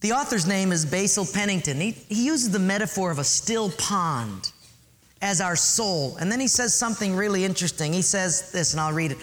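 A man's voice: sits high, animated, normal speed, fairly bright tone. A man preaching a sermon earnestly, asking listeners to underline and write things in their notes. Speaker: pastor.

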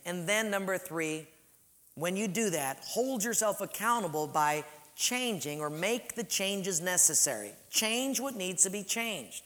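Emphatic high-voiced male preacher. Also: expressive. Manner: emphatic, swings from loud to soft, slows to stress points. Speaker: pastor. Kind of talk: sermon.

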